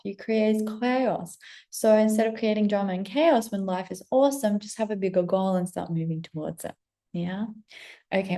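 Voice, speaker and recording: A woman's voice: mid-range voice, creaky, warm tone. A woman who coaches on spiritual growth, giving an emphatic, casual pep talk to camera, swearing freely and acting out inner voices. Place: outdoors or at a window on a trip abroad.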